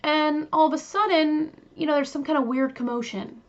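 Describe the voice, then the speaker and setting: A woman hosts a true crime podcast, telling the case in a chatty, casual way with lots of fillers and asides aimed straight at her listeners. Her voice sits high with fairly even intonation and a moderate pace, captured on a slightly dull lo-fi recording.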